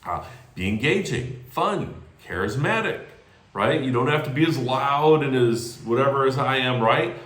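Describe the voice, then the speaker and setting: Animated man giving sales call training. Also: medium pitch, moderate pace, roomy sound. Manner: energetic, animated, tags lines with "right?". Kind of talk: training talk.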